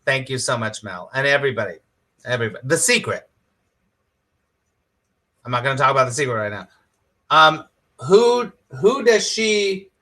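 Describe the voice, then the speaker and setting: Here the middle-aged spiritual teacher's voice sits high with a sharp tone. Teaching eagerly over a live stream, he repeats key ideas and tests his viewers by name.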